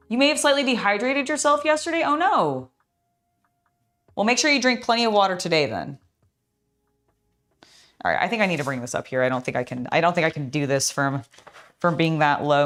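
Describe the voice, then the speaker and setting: A tired young woman chatting casually on a live stream while building, scattered and excitable. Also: lowish voice. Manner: scattered, excitable, self-talking. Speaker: streamer building a LEGO set.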